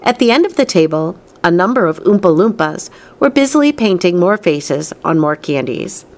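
A woman reading a children's novel aloud, unhurried and expressive. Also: fairly low pitch. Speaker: reader.

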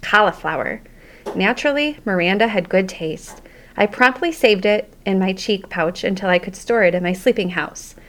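A woman narrating a children's audiobook in a lively, expressive storytelling manner. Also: medium pitch, normal speed.

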